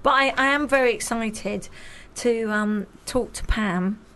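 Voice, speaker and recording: A woman's voice: a little high, unhurried, fairly bright tone. Chatty, playful middle-aged woman co-host. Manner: chatty, playful, self-mocking, talks over others. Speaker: radio co-host. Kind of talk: casual radio chat.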